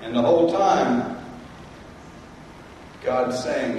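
A male pastor preaching a sermon, swinging between loud emphasis and quiet intensity. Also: medium pitch, animated, slow pace, long pauses, a little hiss or hum. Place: large church hall. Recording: echoey hall from far off.

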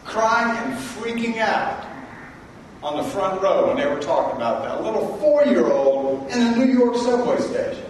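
A male pastor preaching a sermon, swinging between loud emphasis and quiet intensity. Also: high-pitched, very animated, moderate pace, slight background noise. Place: large church hall. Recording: echoey hall from far off.

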